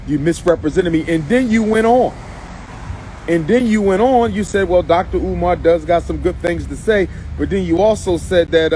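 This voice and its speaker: A man's voice: a little high, darkish tone, a little hiss or hum, poor audio. A man giving an emphatic, repetitive, preacher-like live video monologue, speaking from in or near a car outdoors. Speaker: activist livestreamer.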